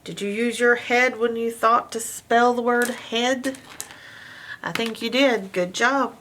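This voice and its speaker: A woman teaching a phonics lesson, slowly sounding out words and letters, with patient praise. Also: a little high, steady tone, fairly bright tone, slight background noise.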